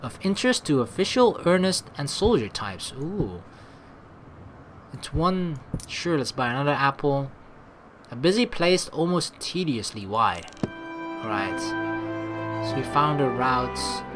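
A woman's voice: rumbling low, big pitch swings, unhurried, pauses often, faint music behind. A woman doing a casual let's play commentary, reading game text aloud and joking and swearing as she goes. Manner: chatty, swears and laughs at own jokes.

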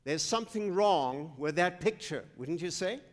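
A man's voice: a little high, lively intonation. Man, pastor, preaching, questions to the congregation, long reverb. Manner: slow, emphatic preaching with call-and-response questions. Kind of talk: sermon. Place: church sanctuary. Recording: long church hall reverb.

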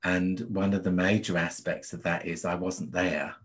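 A man from the UK, a guest spirit medium, talking in a soft, soothing way and often adding "you see". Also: low voice, flat delivery, normal speed. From United Kingdom. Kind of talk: casual interview chat.

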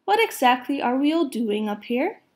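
A woman's voice: high-pitched, big pitch swings, normal speed. A woman doing a polite, breathless young boy. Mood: apologetic. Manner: polite, apologetic.

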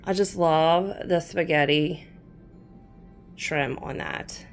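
A woman's voice: low-pitched, slow pace, faint music behind. A woman, chatting fondly as she shows off her shopping haul and talks to her cat. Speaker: crafting channel host. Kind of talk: casual haul show-and-tell.

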